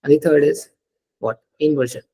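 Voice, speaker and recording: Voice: mid-range voice, fairly even intonation, moderate pace, warm tone, slightly rough, poor audio. A French teacher gives a live lesson. The teacher explains step by step, repeats each example and often checks that the student understands. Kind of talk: live online language lesson.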